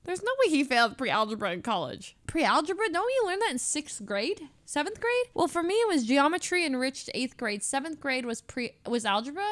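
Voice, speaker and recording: High-voiced giggly woman streamer. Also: very animated, fairly quick, hardly any pauses, fairly bright tone. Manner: giggly, chatty. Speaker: streamer reacting to clips. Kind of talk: casual reaction commentary.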